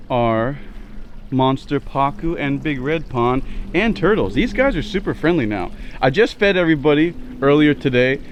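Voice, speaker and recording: A man vlogging casually outdoors by his backyard pond, filming on a cell phone and chatting excitedly to the camera and to his fish. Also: mid-range voice, slight background noise. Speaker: fishing and fish-keeping vlogger. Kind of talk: casual outdoor vlog narration.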